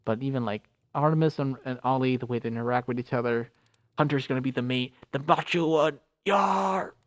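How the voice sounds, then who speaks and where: A man's voice: medium pitch, fairly even intonation, quick pace, clear, resonant tone, dry recording. A man casually reading a visual novel aloud and chatting about it, rambling with many fillers. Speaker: visual novel reader and streamer. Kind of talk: casual game read-through commentary.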